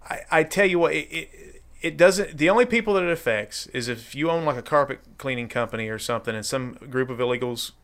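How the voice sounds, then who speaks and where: Man in mid-pitch, chatty podcast guest. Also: lively intonation, brisk, a bit bright. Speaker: guest, political candidate. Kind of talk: casual chat.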